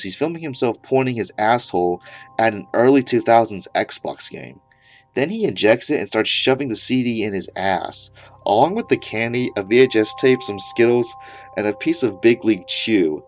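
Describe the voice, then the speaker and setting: A man narrating an absurd comedic horror story in a mock-serious tone. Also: mid-range voice.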